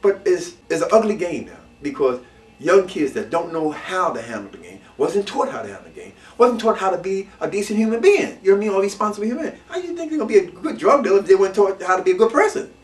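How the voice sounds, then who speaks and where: Animated fast-talking man, roomy and distant. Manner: swings between low muttering and loud emphatic outbursts, street slang. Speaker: interviewee recounting his past. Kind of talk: animated storytelling. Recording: roomy echo, mic at a distance.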